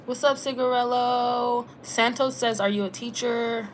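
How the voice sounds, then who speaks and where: A young woman vlogger chatting casually on a live Q&A, relaxed and talkative, using lots of filler "like" and slang while she reads out viewer comments and letters. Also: on the high side, a little slow, slight background noise. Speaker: travel vlogger and former teacher.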